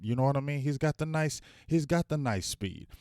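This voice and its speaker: A man's voice: medium pitch, animated, fairly quick, a little mellow, no room sound, studio quality. A man hosting a casual live sports fan stream. He rambles, gets hyped and calls out to the chat viewers. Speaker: fan show host.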